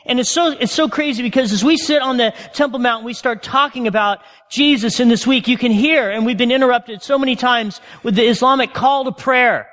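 A man's voice: very high-pitched, a little fast, hardly any pauses, fairly bright tone. A man preaching a sermon in a conversational way, often turning to the congregation with questions. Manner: conversational, asks the audience questions. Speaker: pastor. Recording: long hall reverb.

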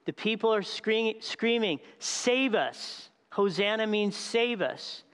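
A man delivers a sermon with a fairly high voice, his words ringing through the long reverb of a large hall. He is animated, asks the crowd questions and acts out the scenes he describes. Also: measured pace, smooth. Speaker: pastor.

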